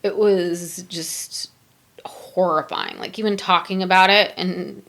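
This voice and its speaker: A middle-aged woman hosting a podcast, telling a personal story in a halting, emotional way with many pauses and fillers. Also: lowish voice, fairly even intonation, vocal fry, fairly bright tone. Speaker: podcast host.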